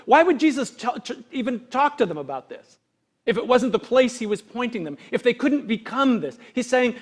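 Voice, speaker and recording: High-voiced man preaching a sermon. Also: animated, moderate pace. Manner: earnest, conversational preaching with rhetorical questions; acts out quoted voices with big swings in pitch and volume. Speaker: pastor.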